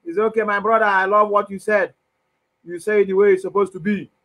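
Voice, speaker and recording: A man giving an impassioned political monologue, emphatic and preachy, his voice swinging from loud to soft. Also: sits high, fairly even intonation, a little fast, low-quality recording. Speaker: commentator.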